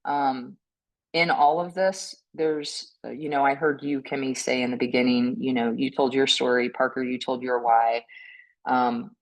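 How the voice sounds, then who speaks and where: A woman speaking on a panel about mental health, gentle and earnest, often tagging her points with a questioning "right?" and restarting her words. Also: very deep voice, steady tone, a little slow, low-quality recording. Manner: frequent restarts and repeated words. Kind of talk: reflective panel talk.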